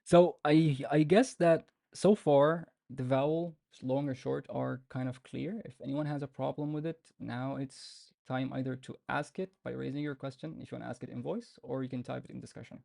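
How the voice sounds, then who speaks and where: A man teaching a live online beginner lesson, patient and informal, repeating example words slowly many times. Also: mid-range voice, creaky, no room sound, clean studio sound. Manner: relaxed and informal, with fillers and restarts. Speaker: Arabic teacher.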